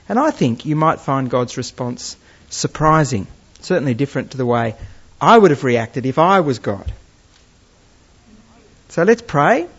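Man preaching, animated and fairly high-pitched, dull lo-fi recording. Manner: lively storytelling with gentle humour. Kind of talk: sermon.

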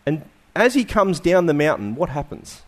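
A man preaching a sermon, asking rhetorical questions and letting his phrases fall to quiet endings. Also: fairly high pitch, big pitch swings, moderate pace.

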